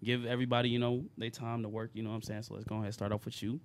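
A man's voice: mid-range voice, level tone, very fast, a little hiss or hum. A young man hosting a podcast, reading out viewer comments in casual slangy chat and laughing with friends. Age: young adult. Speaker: podcast host.

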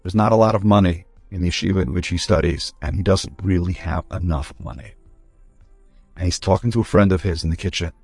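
A man, a rabbi, telling a story in a lively way and acting out the characters' voices. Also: low voice, a little fast, faint music behind. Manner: animated, acts out quoted voices.

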